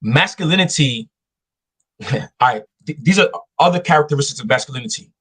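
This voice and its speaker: A man's voice: medium pitch, lively intonation, brisk, fairly bright tone, slightly rough. A man talking emphatically as a guest on a casual podcast, telling stories and making his points like a sermon. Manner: emphatic, preachy storytelling.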